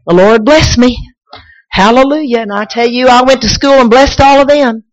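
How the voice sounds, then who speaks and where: A woman's voice: fairly high pitch, moderate pace, dull audio. Impassioned woman preacher. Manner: impassioned, shouting and crying out; folksy storytelling with repeats and restarts. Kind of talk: sermon with personal testimony.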